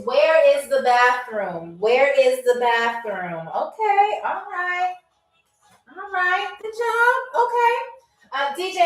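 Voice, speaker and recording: Her voice is high as she runs a game show livestream, poking fun at viewers and reading out what they write. She drags out foreign phrases at a crawl, and the audio is roomy and far from the mic, with faint music playing.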